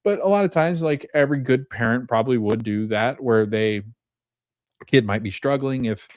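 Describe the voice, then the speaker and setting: Male podcast host, thirties, mid-pitched, casual recap talk, dry close sound. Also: moderate pace, dry recording. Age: 30s. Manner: chatty, retells scenes with quoted dialogue and laughs often.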